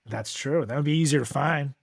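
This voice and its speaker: A man's voice: a little high, brisk, gravelly, husky, no echo. A man co-hosting a podcast in casual chat, crude and laughing as he tells stories. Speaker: podcast co-host.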